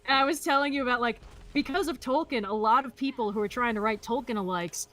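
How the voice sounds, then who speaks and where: A fairly high-voiced woman chatting casually while she plays a game. She gives her opinions freely, laughs often, and swears in an offhand way. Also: fast, a bit bright. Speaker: co-host.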